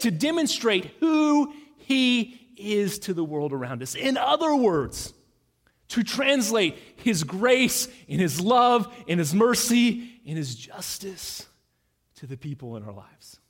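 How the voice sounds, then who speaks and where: High-voiced pastor preaching in a hall. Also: male voice, fairly bright tone. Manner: earnest, with frequent fillers and restarts. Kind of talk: sermon. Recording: long reverb in a large hall.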